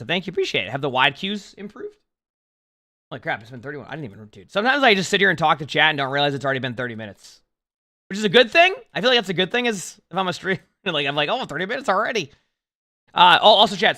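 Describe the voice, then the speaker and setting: A man's voice: fairly high pitch, sharp tone. A young man streaming, chatting casually with viewers in a rambling way full of restarts. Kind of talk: casual livestream chat.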